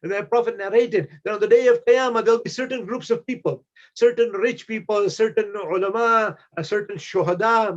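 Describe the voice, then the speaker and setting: High-voiced man preaching, dull lo-fi sound. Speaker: shaykh giving a memorial majlis. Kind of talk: sermon with storytelling. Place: community religious hall. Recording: dull lo-fi recording.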